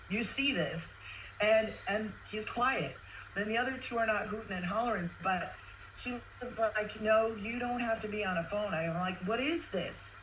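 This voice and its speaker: A woman's voice: mid-range voice, fairly bright tone, a little hiss or hum, poor audio. A woman who is a single mother telling her personal story with earnest emotion, chatty and at times close to tears. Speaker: guest sharing her story.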